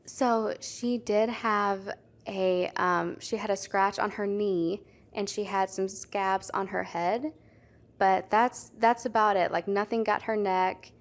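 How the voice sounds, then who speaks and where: A woman's voice: medium pitch, fairly even intonation, slow. A young adult woman, a podcast co-host, telling a story in casual chat, full of "like" fillers. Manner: chatty, lots of "like" fillers.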